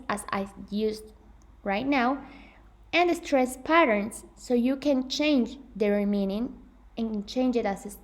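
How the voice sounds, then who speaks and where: A young woman with a fairly high pitch teaches English pronunciation in a scripted presentation. Earnest and careful, she keeps correcting herself as she goes.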